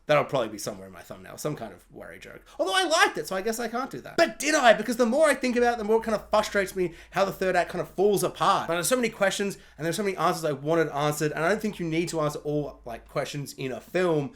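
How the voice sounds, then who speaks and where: A man's voice: high voice, very animated, fast, hardly any pauses, fairly bright tone. A man giving a casual spoiler film review, rambling with lots of "like" and firing off questions.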